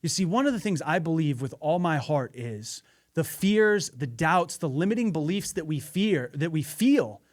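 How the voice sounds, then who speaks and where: A man with a slightly high voice speaks to his listeners in an earnest, candid way. He tells a personal story as a motivational monologue and now and then lets a swear word slip. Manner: earnest, candid, occasional profanity. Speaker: podcast host.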